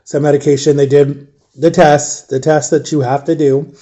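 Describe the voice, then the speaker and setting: A young man telling his own painful story, halting and repeating himself, close to tears at times. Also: fairly high pitch, level tone, mellow, dull audio. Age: young adult. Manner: halting, repeats himself, acts out quoted voices. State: emotional, near tears. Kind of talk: personal storytelling.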